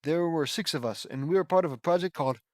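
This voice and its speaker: A man's voice: a little high, fast talker, no room sound. A man reading his own fan fiction aloud as a casual audiobook, breaking off for joking, sarcastic asides into a close home microphone. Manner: joking, sarcastic asides between read lines. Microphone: close home mic.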